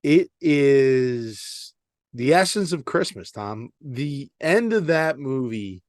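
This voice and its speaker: Hesitant male podcast co-host, mid pitch, dry close mic. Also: big pitch swings, slow, darkish tone, dry recording. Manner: hesitant, many fillers and restarts. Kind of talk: casual chat.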